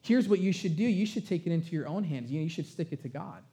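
A man's voice: a little high, lively intonation, quick pace, mellow. A man preaching a sermon, voicing a sly, taunting male serpent with mocking, needling questions. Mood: coaxing.

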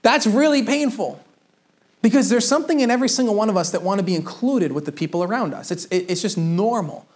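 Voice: medium pitch, lively intonation, quick pace, hardly any pauses, darkish tone. This is a preacher giving a sermon in a chatty, direct way, talking right to the congregation. The delivery stumbles and repeats words as thoughts form, and quoted lines are acted out with the voice rising or dropping. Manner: conversational, addresses the congregation directly; frequent word repetitions and restarts.

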